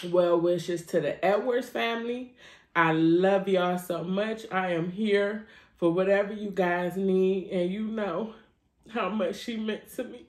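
Slow-talking woman, grieving vlogger. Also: medium pitch, a little mellow, reverberant. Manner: slow, heartfelt, cussing casually. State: crying at times. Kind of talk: tearful personal vlog.

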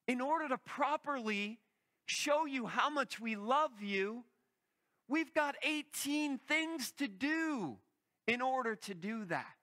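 A man playing a flustered, put-upon hostess in a retold scene: a higher, bright voice, exasperated. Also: expressive, takes it slowly, exaggerated voice. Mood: pleading. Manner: exasperated, complaining. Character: frantic, indignant busy woman hostess.

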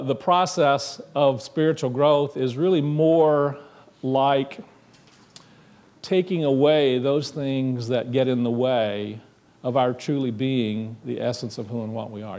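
A minister speaks from the sanctuary in a medium-pitched, somewhat dark voice, keeping his sermon conversational and quizzing the congregation as he goes.

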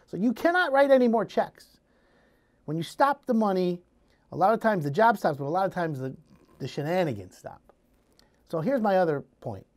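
A man giving casual home improvement advice, telling scenarios in an animated way. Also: high-pitched, normal speed, pauses often. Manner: animated storytelling, acting out scenarios.

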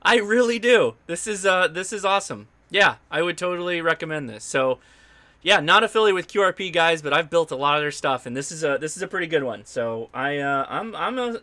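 Man, ham radio host, live-stream explainer, chatty and upbeat, bright forceful voice, slightly higher pitch. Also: lively intonation, a little fast. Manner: chatty and upbeat, with loose restarts. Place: home radio station.

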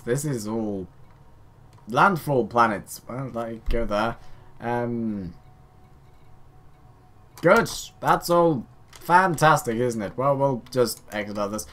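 A man's voice: mid-range voice, a bit bright, slight background noise. A man giving casual, rambling, self-mocking commentary while playing a space game. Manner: rambling, self-mocking, chatty asides to himself. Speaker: gaming video host.

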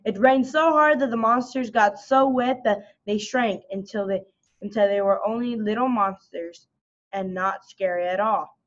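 A woman's voice: mid-range voice, normal speed, highs cut off. Woman reading a picture book aloud to children. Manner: lively, with small restarts.

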